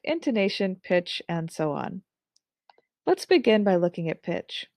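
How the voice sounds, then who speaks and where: A woman in her thirties teaching an online speaking course, with clear, carefully articulated and expressive delivery. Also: mid-range voice, no room sound. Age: 30s. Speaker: instructor.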